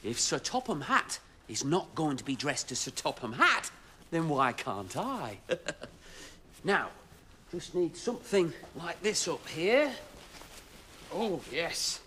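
A man's voice: a little high, big pitch swings, slow, pauses often, bright, forceful tone, a little hiss or hum, exaggerated voice. A man playing a cheerful, fussy engine driver in a children's show, talking to viewers with exaggerated expression. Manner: exaggerated, chatty, addresses viewers. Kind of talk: children's TV acting.

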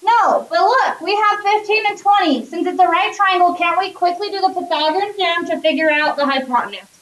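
Woman math teacher, upbeat, high voice, echoey classroom, distant mic. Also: brisk, fairly bright tone. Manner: upbeat, checks in with students often. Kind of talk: classroom lecture.

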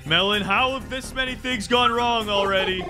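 A man giving frantic, excitable, self-mocking commentary as he plays a game. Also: sits high, moderate pace. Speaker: gamer. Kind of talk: let's play commentary. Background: loud game music.

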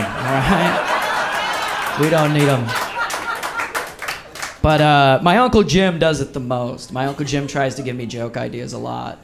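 A man from Wisconsin doing stand-up on stage, chatty and profane. His voice sits a touch high for a man, and he tosses off quick asides. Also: background noise. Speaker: stand-up comedian. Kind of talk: stand-up comedy set. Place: comedy stage.

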